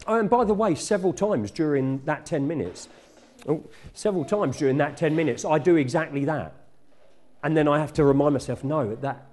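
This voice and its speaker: A man's voice: on the high side, dark tone. A middle-aged man, preaching a sermon in a church in a conversational, self-correcting teaching manner.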